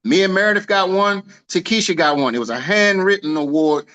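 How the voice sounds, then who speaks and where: A man giving a casual celebratory speech on a video call, telling a lively slangy story and acting out the dialogue. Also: sits high, fairly quick, clear, resonant tone, low-quality recording. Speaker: team leader honoring an agent.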